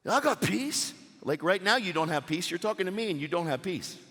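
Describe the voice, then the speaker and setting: A man preaching a sermon at a church service, animated and casual, with slangy asides to the crowd. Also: sits high, fast, in a large hall.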